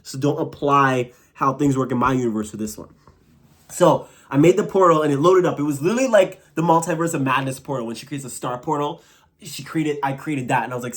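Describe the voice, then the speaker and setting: A young man casually telling a long personal story to camera, animated and rambling, full of "like" and "bro". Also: mid-range voice, a little fast. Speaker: vlogger.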